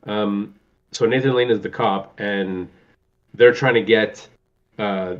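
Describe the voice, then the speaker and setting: A man's voice: lowish voice, fairly even intonation, takes it slowly. A man in casual chat, rambling and searching for names as he retells film scenes. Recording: muffled lo-fi recording.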